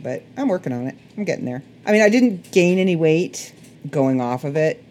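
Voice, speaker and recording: Chatty Canadian woman, slightly hoarse. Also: low voice, lively intonation, normal speed, a little mellow. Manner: rambling, chatty, self-correcting. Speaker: podcast host. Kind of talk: casual solo chat.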